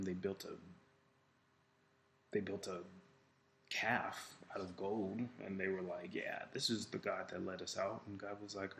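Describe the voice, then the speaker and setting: Casual male faith coach, lowish voice, roomy echo, faint hum behind. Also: vocal fry. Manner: casual, retells scripture with quoted voices; many fillers and restarts. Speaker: life coach. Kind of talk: informal faith teaching. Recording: echoey room with faint ambience.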